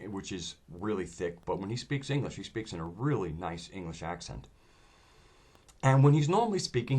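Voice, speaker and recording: A man with a fairly low voice talks through a casual video monologue. He meanders from thought to thought, stalls on fillers and restarts, and trails off when he searches for a word. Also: a little mellow. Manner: rambling and hesitant, with many fillers. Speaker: video host.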